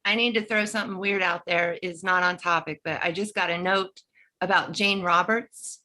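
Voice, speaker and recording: A woman talks in an easygoing, enthusiastic chat, her thoughts rambling as she goes. Her voice sits a little low. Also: fairly even intonation, moderate pace, pushed and bright, poor audio. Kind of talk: casual chat.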